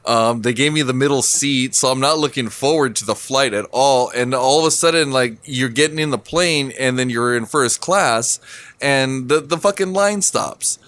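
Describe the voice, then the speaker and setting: A man's voice: mid-range voice, moderate pace, a bit bright, dry recording. A man co-hosting a casual drinking podcast, telling a story full of swearing and laughter. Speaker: podcast co-host. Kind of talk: casual drinking-show chat.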